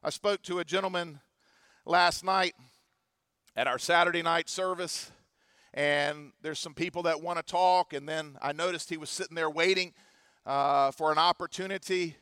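Pastor, male, forties. Bright, forceful tone, dry close sound. Earnest sermon, swings from quiet to emphatic. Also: a little high, fairly even intonation, normal speed, clean tone, no room sound. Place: church service.

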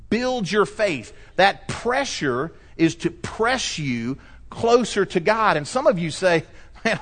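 A male pastor delivering a lively sermon, telling stories and acting out voices as he preaches. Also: high voice. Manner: animated storytelling preacher, shifting pace, acts out quotes.

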